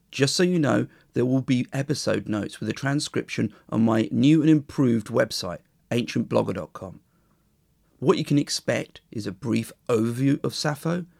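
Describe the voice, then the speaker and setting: A man hosting a history podcast, explaining in a measured, enthusiastic way and reading a poem aloud. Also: medium pitch, gravelly, a little mellow, no echo, studio quality. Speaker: podcast host. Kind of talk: educational podcast monologue and poetry reading.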